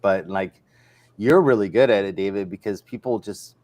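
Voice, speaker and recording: A man's voice: fairly low pitch, normal speed, a little mellow, no echo. A man hosting a casual livestream chat, telling stories in a rambling way with many restarts. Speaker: host.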